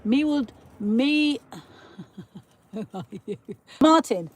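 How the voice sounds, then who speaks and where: A woman's voice: on the high side, expressive, very slow. A British woman hosting a casual live stream, chatting and ranting as she answers viewer comments. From Britain. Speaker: livestream host.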